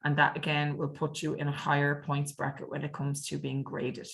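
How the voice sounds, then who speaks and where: A woman teaching an online French exam revision lesson, explaining clearly and patiently. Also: deep voice, completely flat delivery, normal speed, a bit bright.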